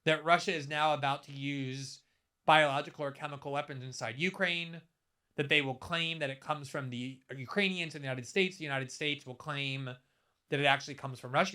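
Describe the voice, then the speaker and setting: A man in his fifties talks straight through a commentary monologue, stressing words hard and stacking rhetorical questions. His voice is bright and forceful and sits a little high for a man. He keeps pressing one argument without letting up. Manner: emphatic, building rhetorical questions. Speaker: political commentator.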